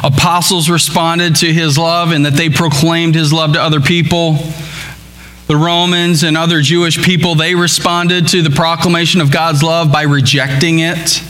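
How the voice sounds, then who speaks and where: A man's voice: a little high, little pitch movement, normal speed, fairly bright tone, roomy sound, big-room sound, low-quality recording. A male pastor preaching a sermon in a chatty way, often asking the congregation "right?" and acting out short everyday exchanges. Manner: conversational, asks the congregation rhetorical questions; acts out little dialogues in a raised voice.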